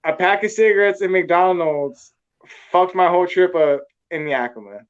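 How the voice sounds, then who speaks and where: A man from California tells a story in casual, crude, profane language. His voice sits a little high for a man, and the recording is dull and lo-fi. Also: normal speed, clean tone. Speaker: storyteller guest.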